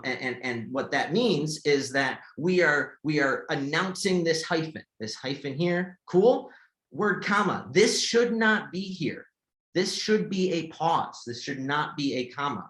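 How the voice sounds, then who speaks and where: Halting man explaining an app screen. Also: on the high side, fairly bright tone. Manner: halting, repeats words and restarts often. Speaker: accessibility tester and presenter. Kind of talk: screen-share tutorial walkthrough. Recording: echoey room.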